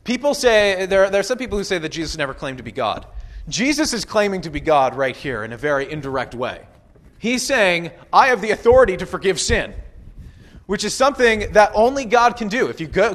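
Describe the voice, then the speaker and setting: A man preaching in a relaxed, conversational way, with casual asides and playful quoted voices. His voice sits a little higher than most men's. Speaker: pastor. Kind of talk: sermon.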